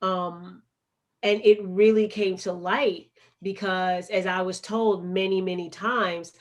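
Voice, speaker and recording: A woman's voice: medium pitch, steady tone, takes it slowly. A woman with a Chicago accent, a poet and activist telling her story as a guest in an interview, earnest and emphatic. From United States.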